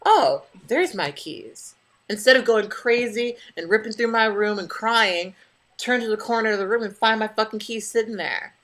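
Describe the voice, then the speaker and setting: A woman's voice: on the high side, steady tone, normal speed, fairly bright tone. A young adult woman venting to camera in a casual vlog, blunt and profane as she tells her story. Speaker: vlogger.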